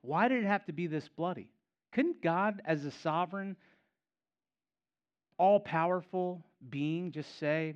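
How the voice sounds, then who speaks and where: A man's voice: fairly high pitch, a little slow, highs cut off. A man preaching a sermon as pastor, emphatic and repeating key phrases for effect.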